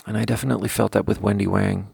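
Low-voiced rambling man podcasting. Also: level tone, gravelly, darkish tone, husky, dry recording, studio quality. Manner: rambling, self-deprecating, quick to laugh. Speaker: podcast host. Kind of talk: casual solo podcast monologue.

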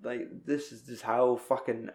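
A man's voice: medium pitch, fairly even intonation, measured pace, darkish tone. A young man in casual chat, recapping a film in a rambling, sweary way. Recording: echoey room.

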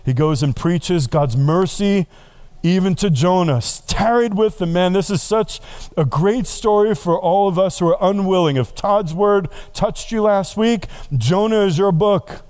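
A middle-aged male pastor preaches a sermon, telling the story with animation and tucking in playful asides. His high-pitched voice is clean in tone and comes at a measured pace.

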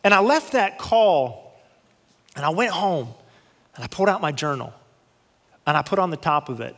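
A man with a fairly high voice delivers a storytelling sermon, drawing out key words for effect. His voice rings with the long reverb of a large hall. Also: expressive, normal speed, long pauses, fairly bright tone. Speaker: preacher.

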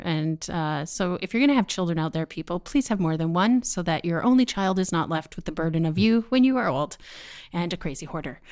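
A woman, a stand-up comedian chatting in an interview in an animated, jokey way. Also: fairly low pitch, clean tone. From Canada. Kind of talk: casual interview storytelling.

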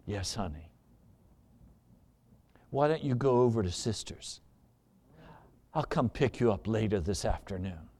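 A man voicing an eager farmer in a sermon story, speaking low and hushed. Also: expressive, fairly quick, close to an everyday voice. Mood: calm soothing. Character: eager determined farmer who finds treasure.

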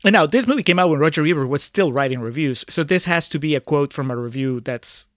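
A man's voice: on the high side, animated, fast, dry recording, clean studio sound. A man co-hosting a podcast, chatting casually and reading critic quotes aloud. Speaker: podcast co-host.

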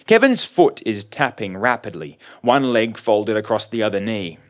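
Man reading a story, measured. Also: fairly low pitch, sing-song. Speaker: reader. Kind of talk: scripted first-person story narration.

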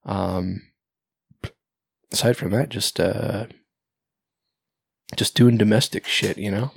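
A man's voice: fairly low pitch, steady tone, slow, vocal fry, slightly rough, no echo. Man, podcast host, casual chat, rambling and profane, laughs a lot, dry close sound.

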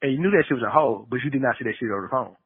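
A man's voice: medium pitch, expressive, very fast, breathy edge. A man co-hosting a podcast by phone, venting in a casual, frustrated rant that trails off. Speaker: podcast co-host calling in. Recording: tinny phone line with long reverb.

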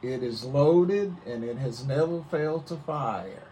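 A man's voice: medium pitch, animated, a little slow, dark tone, far from the mic, slight background noise, lightly acted, poor audio. An older man voicing his defiant father standing up to a mob. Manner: firm, unyielding.

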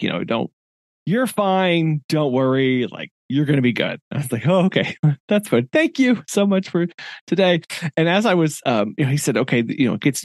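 A man's voice: mid-range voice, dry recording, studio quality. A middle-aged man co-hosting a podcast, telling a story in casual chat and laughing often. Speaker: podcast co-host.

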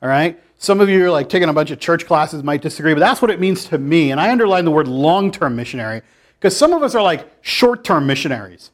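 A man's voice: a little high, lively intonation, quick pace, hardly any pauses. A man giving an informal sermon to a church group, conversational and challenging, with dry asides. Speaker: pastor. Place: church meeting room.

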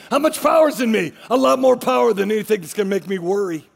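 A man preaching from the pulpit in an unusually high, heavily gravelly voice. He drives each point home with emphatic repetition. His sermon carries a long reverb from the church hall around him. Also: lively intonation, quick pace, few pauses. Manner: emphatic preaching with repeated phrases. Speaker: pastor.

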